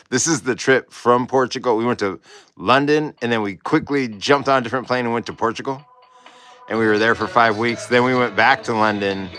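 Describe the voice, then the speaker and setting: A man's voice: medium pitch, sharp tone. A man hosting a livestream as an artist, telling a story in a rambling, casual way and laughing often.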